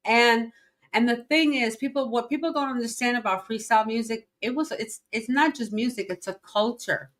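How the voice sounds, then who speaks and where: A woman's voice: on the high side, moderate pace, a bit bright. A woman co-hosting a podcast, chatting casually and reacting with frequent laughter. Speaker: podcast co-host. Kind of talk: casual chat.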